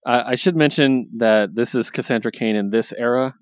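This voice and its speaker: A man with a mid-range voice speaks at normal speed, with no echo. Hosting a casual chat, he enthusiastically recaps stories, sprinkling in plenty of ums and likes.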